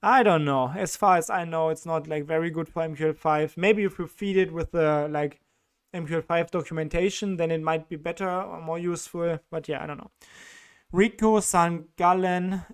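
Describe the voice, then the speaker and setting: A man's voice: on the high side, steady tone, moderate pace, smooth. A man with a strong German accent hosting a casual livestream, reading chat questions aloud and answering them with fillers and small laughs.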